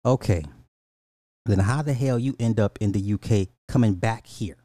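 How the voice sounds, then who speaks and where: A man with an American accent rants through a reaction commentary, mocking and incredulous as he hammers the same points again and again. His voice is dark and mellow, and the recording is close and dry. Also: on the low side, moderate pace, no room sound. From United States. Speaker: commentary host.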